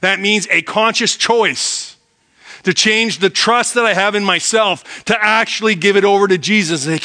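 A middle-aged man preaching a sermon, emphatic, asking the congregation rhetorical questions and dropping to a hush to make a point. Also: fairly high pitch, measured pace. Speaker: pastor.

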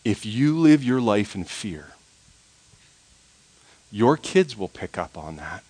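A man preaching a sermon, swinging between soft, quiet passages and loud, high, forceful ones. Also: sing-song, slow pace, breathy edge. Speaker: pastor.

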